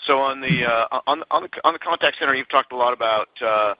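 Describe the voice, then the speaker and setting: A man's voice: mid-range voice, fairly quick, no echo, lo-fi sound. A man, a financial analyst, politely asking a question on an earnings call, stumbling and repeating words as he goes.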